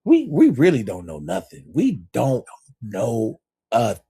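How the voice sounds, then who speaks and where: Insistent man with a husky, dark voice. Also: medium pitch, huge pitch swings, slow. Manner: insistent, repeats "listen" to hold the floor. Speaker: livestream participant. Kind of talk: casual live chat.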